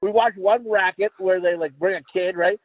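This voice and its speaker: A high-pitched US East Coast man co-hosts a podcast, rambling, swearing and stumbling over his words as he tells stories in casual chat. He talks at normal speed with fairly even intonation. The sound is tinny, phone-like and dry, with no echo.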